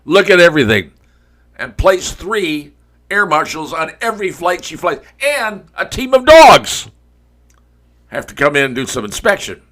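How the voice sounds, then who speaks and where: High-voiced man giving folksy commentary. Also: big pitch swings, a little slow, fairly bright tone. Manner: folksy, conversational, addresses viewers as folks. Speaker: talk show host. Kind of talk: opinion commentary monologue.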